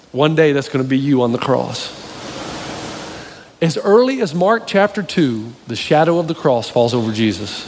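A man's voice: a little high, a little hiss or hum. A male pastor preaching a sermon to a live audience, telling stories and speaking to the crowd directly. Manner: storytelling preacher, animated, addresses the audience directly. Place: church hall with a live audience. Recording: reverberant hall, faint ambience.

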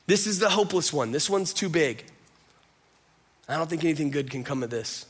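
A man's voice: on the high side, lively intonation, fairly quick, breathy edge. A man preacher voicing a doubting, grieving woman, the sister of a dead man, in a pleading, exasperated tone. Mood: doubtful.

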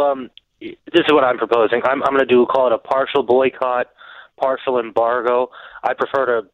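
A man calling in to a sports radio show, telling a rambling, animated story about his family. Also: mid-range voice, no echo. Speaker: caller. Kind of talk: phone-in call. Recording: muffled radio broadcast.

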